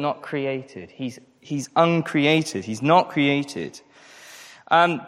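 A man preaching a sermon to a congregation in a chatty, self-deprecating way, often putting questions to the listeners. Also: a little high. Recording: long hall reverb.

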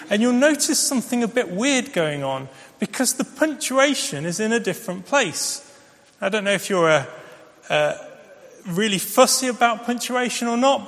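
A man's voice: high voice, fairly bright tone. A man preaching a sermon, telling stories in a conversational way with fillers. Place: church. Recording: long reverb of a large church.

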